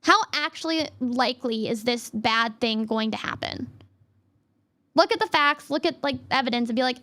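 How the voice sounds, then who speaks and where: A high-pitched young woman talks through a livestream lesson in a loose, chatty way. She stacks up fillers, restarts her sentences often, and drifts between points. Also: normal speed, bright, forceful tone. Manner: rambling, filler-heavy, lots of "like" and restarts; reads chat and thanks viewers in a high squeal. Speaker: VTuber streamer. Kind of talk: casual livestream lesson on cognitive distortions.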